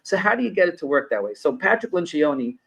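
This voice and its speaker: A higher-voiced middle-aged consultant man. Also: sing-song, quick pace, creaky, a bit bright, poor audio. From New York. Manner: explains through personal anecdotes, repeats phrases for emphasis. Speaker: business consultant guest. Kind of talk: conversational podcast interview.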